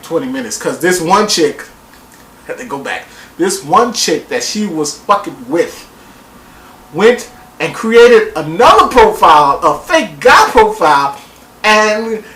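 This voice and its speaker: A woman recapping a reality TV episode in a casual vlog, profane and animated, acting out quotes in exaggerated voices. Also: medium pitch. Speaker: TV show reviewer. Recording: roomy echo.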